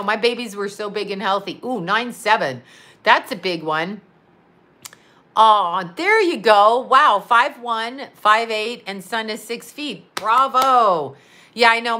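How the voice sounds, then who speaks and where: A woman's voice: medium pitch, sharp tone. A middle-aged woman from Canada, chatting bluntly and with lots of swearing on a livestream while reading comments. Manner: blunt, profane, chatty, laughing often. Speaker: livestream host reading chat. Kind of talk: casual livestream chat.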